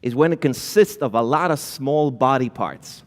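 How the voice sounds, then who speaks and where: A man's voice: mid-range voice, moderate pace. A man giving a conference talk, addressing the audience directly and acting out flustered founders stumbling over filler words. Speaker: conference speaker. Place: conference hall. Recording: long hall reverb.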